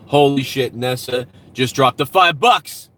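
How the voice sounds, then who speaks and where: A man's voice: mid-range voice, measured pace, a bit bright. A man hosting a casual live stream outdoors at home, talking loosely and profanely while reading out viewer donations. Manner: rambling, profane, reads out donations.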